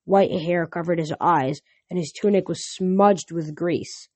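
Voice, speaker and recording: A reader working through a novel aloud in the first person, often stumbling and restarting sentences. The voice is mellow and warm, recorded close and dry. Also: medium pitch, no echo. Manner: halting reading with frequent slips and restarts.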